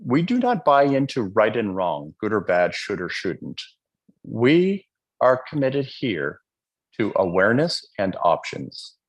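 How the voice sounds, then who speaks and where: A man with a low, husky voice preaches gratitude in a live motivational speech. His pitch leaps and falls with great animation as he throws questions to the crowd and acts out quotes. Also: wildly swooping pitch, unhurried, highs cut off. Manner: fervent, often asks the audience questions. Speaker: motivational speaker.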